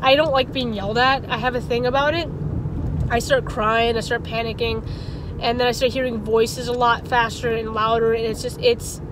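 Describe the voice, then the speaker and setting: A woman's voice: fairly high pitch, fairly even intonation, moderate pace. A woman in her twenties telling a story in a casual, rambling vlog, chatty with frequent small laughs. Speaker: vlogger. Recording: noisy outdoor traffic background.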